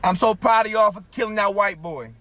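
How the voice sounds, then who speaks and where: A man's voice: sits high, fairly quick, fairly bright tone, no room sound. A man talking casually in a played clip, loose and provocative with slang.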